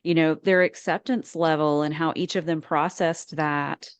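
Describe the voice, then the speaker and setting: A woman hosting a podcast interview, asking gentle, supportive questions. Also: sits low, fairly even intonation, normal speed, clear, resonant tone, no echo. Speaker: podcast host.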